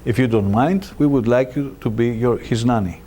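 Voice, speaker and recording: A man's voice: medium pitch, moderate pace, warm tone, close to an everyday voice. Polite, caring court lady, as a male lecturer reads her. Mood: kindly. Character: kindly court lady offering help.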